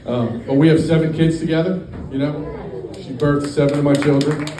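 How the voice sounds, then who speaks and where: A man doing a stand-up set in a brewery, deadpan and rambling, with lots of fillers. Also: a little high, normal speed, crowd noise. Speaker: stand-up comedian. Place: brewery stage. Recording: echoey room, distant mic, faint ambience.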